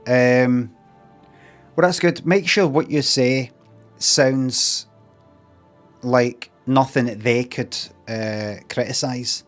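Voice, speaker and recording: A middle-aged Scottish man with a Glaswegian accent, chatting casually on a livestream, rambling and deadpan, acting out bits of mock dialogue. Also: medium pitch, slow pace, pauses often, soft background music. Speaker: streamer. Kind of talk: casual livestream chat with chat readers.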